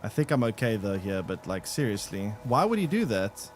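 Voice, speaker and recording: Lively rambling male game streamer. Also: lowish voice, moderate pace, soft background music. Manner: rambling, thinks aloud with restarts. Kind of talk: live gameplay commentary to chat.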